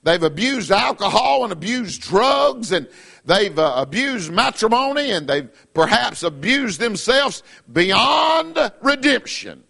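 A man's voice: high voice, gravelly, sharp tone. A middle-aged man preaching a fiery sermon as pastor, in an emphatic, repetitive cadence.

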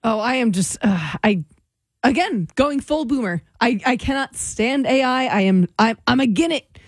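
A woman co-hosts talk radio and takes calls, poking fun at herself. Her voice sits a touch high, and the sound is dry and close. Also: expressive, no room sound. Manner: self-deprecating, quick laughs. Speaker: radio host.

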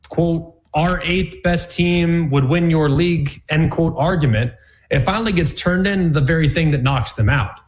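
A man hosting a college football analysis show, talking in a punchy, emphatic way with plenty of repetition. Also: a little high. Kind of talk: sports commentary show.

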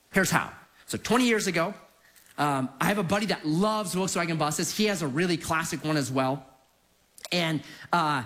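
Male pastor, middle-aged, animated storyteller with a lively, swinging delivery. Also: high voice. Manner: animated storytelling with acted quotes. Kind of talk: sermon.

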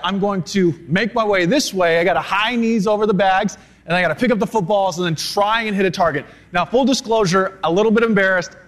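A man's voice: high voice, a bit bright. A man doing a live field report outdoors at a sports event, chatty and upbeat. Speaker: field correspondent.

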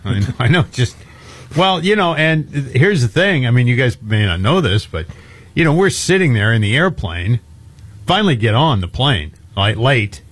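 A man co-hosting talk radio, telling a story in an animated way. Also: medium pitch, normal speed. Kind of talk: casual chat.

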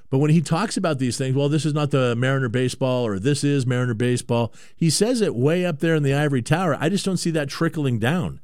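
A man's voice: a little high, no echo, studio quality. A man hosting a sports radio show, delivering an opinionated monologue full of emphatic rhetorical questions and stammered restarts.

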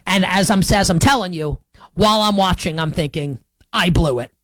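A man's voice: moderate pace, a bit bright. Guy ranting on a sports show, sarcastic and punchy, dry close sound, no room echo. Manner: sarcastic, emphatic, with big swings in pitch and pace. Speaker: sports talk show host. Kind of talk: opinionated sports commentary.

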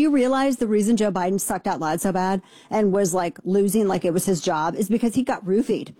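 A woman hosting a talk show, giving brash, sarcastic commentary with quick asides. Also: mid-range voice, dark tone, no echo. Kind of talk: opinionated talk radio commentary.

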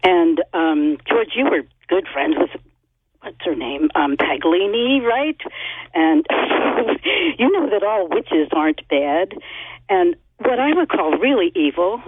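A woman's voice: on the low side, big pitch swings, slow, breathy edge. A woman calling in to a talk radio show from Northern California, eager and chatty, laughing between points, heard over a tinny phone line. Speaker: caller.

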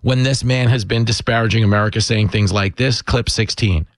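A man's voice: on the low side, steady tone, fairly quick, no echo. A man hosting a show, delivering opinionated political commentary with sarcastic, mocking asides.

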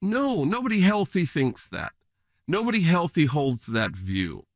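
A man's voice: on the high side, big pitch swings, unhurried, dry recording, clean studio sound. A man who is a priest, talking reflectively as an interview guest, telling earnest stories and mimicking other people's voices. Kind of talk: reflective conversational storytelling.

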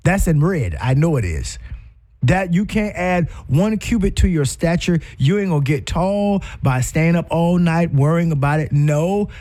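A man's voice: on the high side, lively intonation, unhurried, warm tone. A man preaching a sermon in a conversational way, repeating words and lifting his voice for emphasis.

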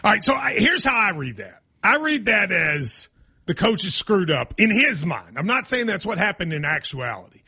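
Bright high-voiced man hosting. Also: big pitch swings, normal speed, breathy edge. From Kentucky. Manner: joking, rambling asides. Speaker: sports talk show host. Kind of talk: casual sports talk. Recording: slightly muffled audio.

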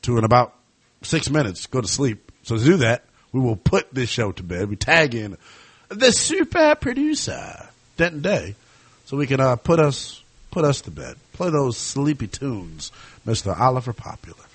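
A man's voice: mid-range voice, moderate pace, breathy edge, no room sound. A man hosting a sports talk show, chatting casually with lots of fillers. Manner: conversational, animated, lots of fillers.

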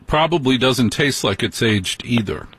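A man hosting a late-night call-in radio show, chatty and teasing, quick to jump in. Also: medium pitch, expressive, fairly bright tone, slight background noise. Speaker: radio host.

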